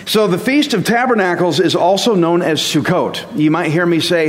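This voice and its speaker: A man's voice: high voice, moderate pace. A man giving a casual sermon as a Bible teacher, conversational and self-deprecating, chuckling at himself now and then. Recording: long reverb.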